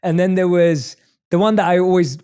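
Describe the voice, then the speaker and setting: A man with a North London English accent hosts a relaxed conversation in a fairly high voice. He sounds enthusiastic and animated and laughs often. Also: normal speed, clean tone. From England. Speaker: host.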